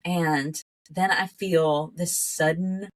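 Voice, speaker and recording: A woman's voice: fairly low pitch, slow. A woman guest on a podcast telling a story in casual conversation, laughing often and acting out what she said back then. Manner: animated, laughs often, acts out her own past words.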